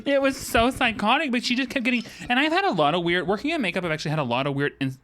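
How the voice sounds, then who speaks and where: A man co-hosting a podcast, telling stories in a giddy, animated way and acting out what people said. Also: high-pitched, racing, slight background noise. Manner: animated, giddy storyteller who acts out quotes. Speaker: podcast co-host. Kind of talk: casual storytelling chat.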